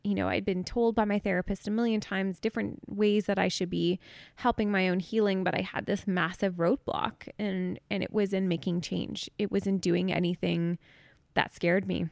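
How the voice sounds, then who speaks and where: A woman in her thirties tells her own story on a podcast, her voice full of vocal fry and a gravelly edge. She speaks candidly and sounds choked up, close to tears. The recording is dry and close, with no room sound. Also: medium pitch, fairly even intonation, normal speed, a little mellow, no echo. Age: 30s. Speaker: podcast host. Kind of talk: personal storytelling.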